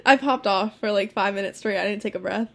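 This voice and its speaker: A teenage girl chatting casually as a podcast co-host, telling stories quickly with lots of swearing and laughter. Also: mid-range voice, a bit bright. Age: teens. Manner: fast, profane storytelling with laughs. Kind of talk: casual chat.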